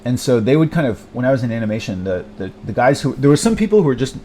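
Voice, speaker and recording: A man's voice: mid-range voice, sing-song, fast talker, warm tone, a little hiss or hum. A young man in a rambling personal monologue, hesitant and self-deprecating, full of fillers, restarts and swearing. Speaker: vlogger.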